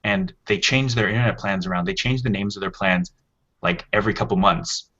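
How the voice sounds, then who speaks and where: A man co-hosting a tech podcast explains things at length in casual chat, frequently restarting his sentences. His voice is on the low side, a little fast, bright, and forceful, and the lo-fi podcast audio sounds dull.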